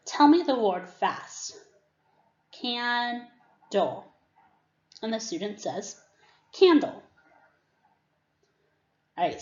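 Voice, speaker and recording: A woman's voice: mid-range voice, fairly bright tone. A woman giving a teacher-training presentation on reading skills, acting out classroom prompts as she explains them. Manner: demonstrates classroom prompts, slow and deliberate. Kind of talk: instructional presentation. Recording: dull, roomy recording.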